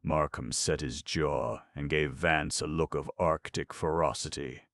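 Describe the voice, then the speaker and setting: A male audiobook narrator with an extremely deep, gravelly voice reads a classic mystery at a measured pace. The sound is close-miked and completely dry. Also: fairly even intonation, a bit bright, no room sound. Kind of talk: scripted narration of a 1920s mystery novel.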